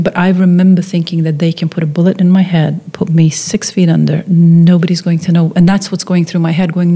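Her voice is lowish and dark-toned as this woman, a documentary filmmaker, recounts a personal story conversationally. She performs the quoted lines and often starts over mid-sentence.

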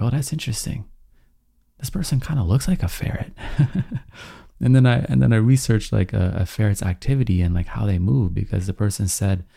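Deep gravelly man telling a story. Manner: animated, slangy storytelling with quoted dialogue. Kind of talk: casual storytime vlog.

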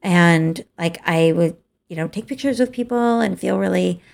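A middle-aged woman candidly telling a personal story, slowly acting out the dialogue. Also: on the low side. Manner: slow, gravelly, candid, with quoted dialogue.

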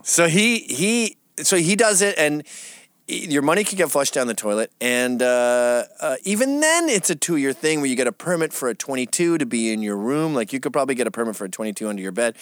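A man's voice: medium pitch, fast, clear, resonant tone, no echo. A man from England, a studio guest telling stories in casual, profane interview chat. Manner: profane, animated storytelling. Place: media studio.

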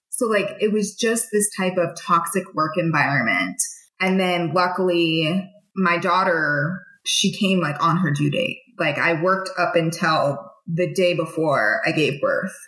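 A woman's voice: on the low side, pushed and bright. A young adult woman, a military veteran, telling her own story in a frank, conversational way with many fillers. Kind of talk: candid personal storytelling. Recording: echoey room.

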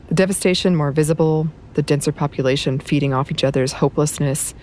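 A woman narrating a novel in a measured, even storytelling manner. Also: sits low, a little hiss or hum. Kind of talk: audiobook narration.

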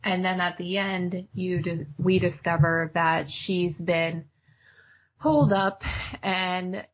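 Slow-talking husky woman podcaster. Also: fairly low pitch, level tone. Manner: chatty, opinionated, laughs often. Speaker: podcast co-host. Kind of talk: casual chat reviewing TV shows. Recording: dull lo-fi audio.

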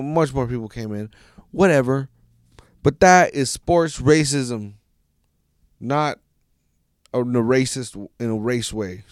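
A man's voice: medium pitch, a little mellow, no echo, clean studio sound. A man ranting casually and profanely as a soccer fan, rambling with many restarts. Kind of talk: casual solo rant.

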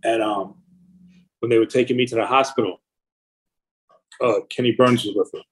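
Husky-voiced man telling profane stories. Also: medium pitch, moderate pace, poor audio. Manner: profane, animated anecdotes. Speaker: record label founder. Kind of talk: casual storytelling interview.

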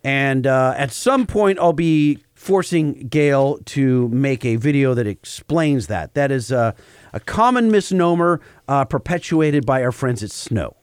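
A man's voice: mid-range voice, expressive, a little slow, clear, resonant tone, no echo. A man co-hosting a podcast, chatting casually and reading listener questions before explaining technical points. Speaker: podcast co-host.

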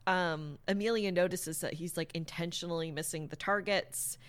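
A woman with a fairly low voice chats through a story's plot, wandering from point to point. She leans on "like" and "um" and drops a casual swear now and then. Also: steady tone, normal speed, smooth. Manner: rambling, lots of "like" and "um", casual swearing. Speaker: storyteller recapping a book. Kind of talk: casual chat.

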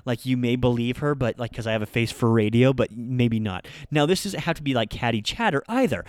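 A man's voice: medium pitch, animated, brisk, dry recording, clean studio sound. Chatty upbeat man teaching slang. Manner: chatty, upbeat, rambling with asides. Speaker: Japanese teacher. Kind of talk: casual online language lesson.

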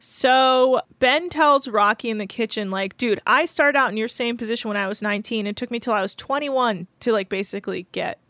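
Playful high-voiced woman podcast host. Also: pushed and bright, no echo. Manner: playful and crude, quick to mimic others. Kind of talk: casual chat recapping a reality show.

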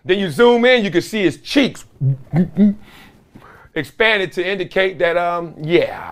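A man's voice: high-pitched, a little slow, long pauses, a bit bright, clear, resonant tone. A man in his forties hosting a solo sports talk show, telling stories with playful impressions and laughs. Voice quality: voice gets strained easily. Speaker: host. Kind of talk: animated solo sports commentary.

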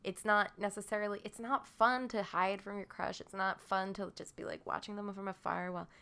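Bright-voiced giggly young woman. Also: medium pitch, brisk, vocal fry, clear, resonant tone. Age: young adult. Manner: giggly, animated storytelling. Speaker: podcast guest. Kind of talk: casual chat.

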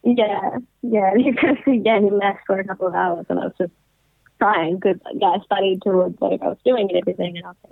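A woman's voice: medium pitch, fairly even intonation, fast, gravelly, no room sound. A woman in her twenties, a guest telling her story in a casual interview, with lots of "like" and "um". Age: 20s. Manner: chatty, many likes and ums. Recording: tinny phone line.

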